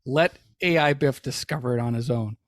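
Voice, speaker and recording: A man's voice: mid-range voice, normal speed, no room sound, clean studio sound. A man hosting a podcast in casual comedic chat, teasing and laughing often. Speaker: podcast host.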